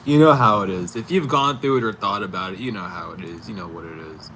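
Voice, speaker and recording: Male streamer, lowish voice, rambling casual chatter with cursing and laughs, noisy home stream audio. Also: fast talker. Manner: rambling, loose and profane, with frequent laughs. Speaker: tarot reader streaming live. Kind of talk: casual livestream chat. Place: indoors at home. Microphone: computer or camera mic for a live stream.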